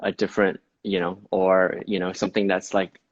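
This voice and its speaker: A man's voice: low voice, flat delivery, normal speed, lo-fi sound. A man chatting as an interview guest on a live video call, rambling and laughing often as he trails off. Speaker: global creative director, interview guest.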